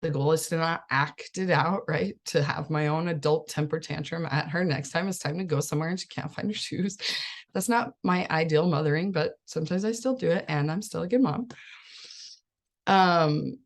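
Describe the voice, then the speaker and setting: A woman life coach in her thirties talks casually with parents, laughing between thoughts and jumping into bits of quoted dialogue. Her voice sits a bit low and carries a gravelly edge. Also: normal speed. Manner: chatty, laughs often, acts out quoted voices.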